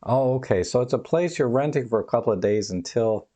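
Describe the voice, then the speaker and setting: A man's voice: medium pitch, lively intonation, brisk, mellow. A man hosting a live stream from home, chatting casually and rambling through viewer comments with frequent laughs. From United States. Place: home, dog nearby.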